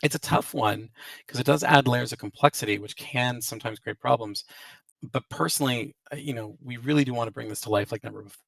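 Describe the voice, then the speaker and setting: A man's voice: mid-range voice, fast, vocal fry, dry recording. A man hosting a casual Q&A as a game developer, hedging with many restarts and fillers, his audio glitchy and robotic. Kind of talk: casual live Q&A, reading out and answering questions. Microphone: voice chat call. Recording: dry, distant, robotic-sounding voice chat audio.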